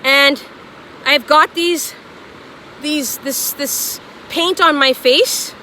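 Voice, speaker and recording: A woman with a high, bright voice chats earnestly to her viewers in a spiritual vlog. She gushes, repeats affirmations over and over, and stumbles through restarts. Her tone stays sharp and lively. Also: slight background noise. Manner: halting, many restarts. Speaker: spiritual vlogger channeling light language. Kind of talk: casual spiritual talk to viewers.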